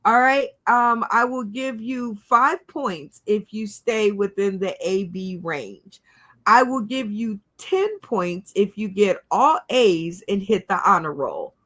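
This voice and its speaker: A woman's voice: medium pitch, animated, fairly bright tone. A woman hosting a comedy game show, speaking with many fillers and light giggles. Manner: slow, giggly, filler-heavy.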